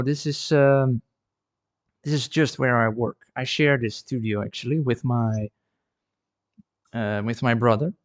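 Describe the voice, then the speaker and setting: Livestreaming from his studio, a Dutch ceramic artist talks casually and chattily in a mid-range voice, frequently repeating words while he gathers his thoughts. The recording is dry.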